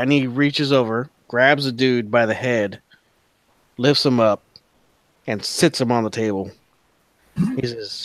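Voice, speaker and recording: A man running a tabletop game, narrating casually with swearing and lots of fillers. His voice is low and he talks slowly. The sound is dry and close. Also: fairly even intonation, dry recording. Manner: casual, profane, many fillers. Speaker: game master.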